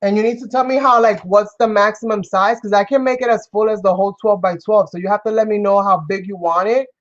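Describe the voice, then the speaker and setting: A woman's voice: mid-range voice, fairly even intonation, fast, highs cut off. Effusive New woman hosting a craft stream. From New York. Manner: effusive, greets and thanks viewers by name. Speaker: craft live-stream host. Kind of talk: casual live-stream chat while crafting.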